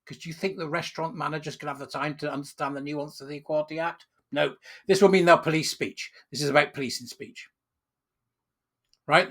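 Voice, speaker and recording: A man's voice: a little high, brisk, sharp tone. A man giving sarcastic, indignant solo commentary, full of rhetorical questions. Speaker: political commentary host.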